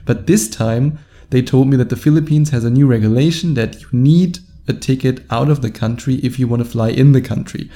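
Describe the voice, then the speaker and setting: A man with a German accent talks in a loose, rambling monologue, chuckling between phrases. His voice is very dark and mellow, pitched at an ordinary middle. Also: a little fast. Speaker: dating coach. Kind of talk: casual podcast monologue.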